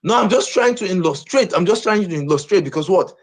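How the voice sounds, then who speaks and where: Husky-voiced boastful man. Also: high voice, expressive, fast. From Nigeria. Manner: boastful, repeats himself over and over. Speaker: live streamer. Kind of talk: live stream talk.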